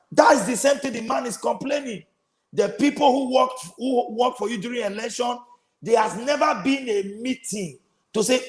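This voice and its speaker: A Nigerian man hosts a live political commentary show and speaks high in his range. He stresses his points by saying them again. The sound is roomy and echoey. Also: brisk. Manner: emphatic, repeats phrases for stress. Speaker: host of a political livestream.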